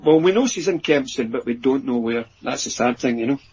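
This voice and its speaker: A Scottish man, a paranormal researcher and author, telling anecdotes in an animated way on a podcast. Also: mid-range voice, a little fast, slight background noise. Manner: animated anecdotes acting out quoted voices. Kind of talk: storytelling in a podcast interview. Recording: dull lo-fi audio.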